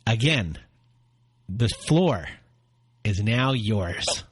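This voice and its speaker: A man hosting a podcast, thanking his guest in a halting, rambling way. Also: fairly low pitch, animated, breathy edge, no room sound, clean studio sound. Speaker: podcast host.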